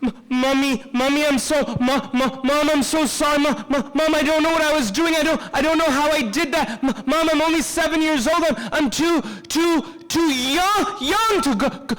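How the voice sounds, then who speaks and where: Hombre imitando a un niño de siete años, tartamudeando asustado. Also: male voice, extremely high pitch, normal speed, hardly any pauses, a bit bright, pitched above the performer's own voice, rough recording. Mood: pleading. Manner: stammering, pleading. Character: frightened seven-year-old boy pleading with mom.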